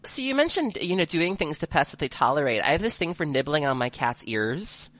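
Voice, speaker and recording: A woman's voice: deep voice, big pitch swings, fairly quick, fairly bright tone. A woman hosting a casual podcast chat, rambling and laughing at herself. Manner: laughing, rambling, self-deprecating. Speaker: podcast host.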